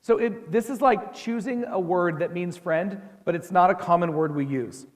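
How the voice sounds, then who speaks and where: A man with an American accent preaching a sermon as pastor, conversational and quick to ask his listeners questions. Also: sits high, in a large hall.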